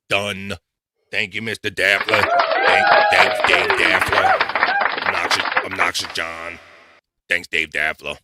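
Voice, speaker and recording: Lively, bright-voiced man hosting a stream. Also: fairly low pitch, no room sound. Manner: rambling, laughing, mutters while clicking through chat. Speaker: podcast host. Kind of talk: casual live-stream chat.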